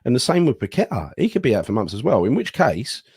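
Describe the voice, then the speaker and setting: A man's voice: medium pitch, quick pace, husky, no echo, clean studio sound. A man co-hosting a football podcast, chatting casually and bluntly with lots of questions. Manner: animated, questioning, blokey. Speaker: podcast co-host.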